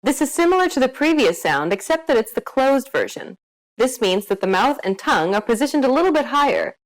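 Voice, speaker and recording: Lively woman narrating a pronunciation lesson. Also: sits high, brisk, poor audio. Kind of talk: scripted narration.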